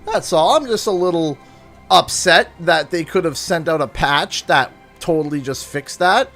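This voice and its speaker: A man's voice: a little high, moderate pace, a bit bright, soft background music. A man from Canada chatting casually while live-streaming a video game, playfully exaggerated and sing-song when he complains. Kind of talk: gaming livestream chat.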